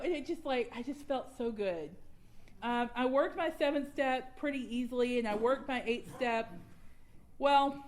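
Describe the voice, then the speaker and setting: A young adult woman, candidly sharing her personal recovery story at a workshop and laughing at herself now and then. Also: on the high side. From Georgia, US.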